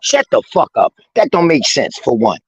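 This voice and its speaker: A man, swearing and shouting down others in a heated argument on a live stream. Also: mid-range voice, big pitch swings, normal speed, slightly rough, no room sound, lo-fi sound. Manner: angry, profane, confrontational.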